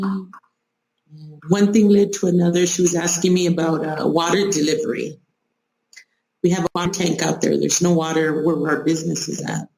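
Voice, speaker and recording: A woman telling a personal story in a casual, animated way, acting out the people she quotes. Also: fairly low pitch, creaky, echoey room, poor audio. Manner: animated, laughing, acts out quoted speech. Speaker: guest sharing a personal story.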